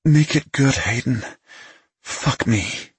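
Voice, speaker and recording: A man voicing a breathy, yearning woman. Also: mid-range voice, slow pace, no echo, voice pushed up, exaggerated voice. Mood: urgent. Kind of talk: audiobook narration.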